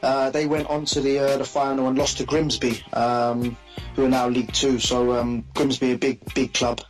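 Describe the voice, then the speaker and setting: A man footballer as a podcast guest, modest and halting, with many ums. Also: mid-range voice, flat delivery, soft background music, rough recording. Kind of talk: casual interview chat.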